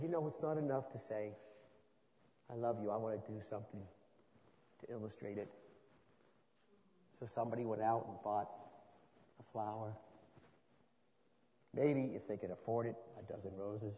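A man preaching a sermon, dropping to a soft low voice and then rising to loud, drawn-out emphasis. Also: fairly even intonation. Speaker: pastor. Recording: long reverb of a large hall.

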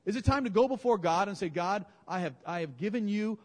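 Animated preacher in a reverberant church. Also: male voice, high voice, a little fast. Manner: animated, conversational preaching with self-corrections. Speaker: pastor. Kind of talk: sermon. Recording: long hall reverb.

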